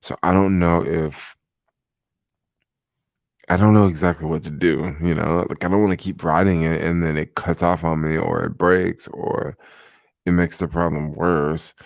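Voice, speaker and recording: A tired young man hosting a casual late-night livestream, rambling and relaxed with many fillers, talking into a desk microphone at home. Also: low-pitched, measured pace, creaky, no room sound, studio quality. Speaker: livestream host. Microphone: desk microphone without headphones.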